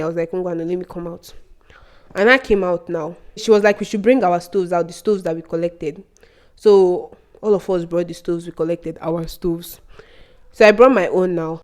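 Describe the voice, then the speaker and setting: A young woman tells a story from her school days. She is animated and laughs often, and her voice jumps high whenever she acts out what was said. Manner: animated, laughs often, voice leaps up for quoted outbursts. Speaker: vlogger. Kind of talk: casual storytelling.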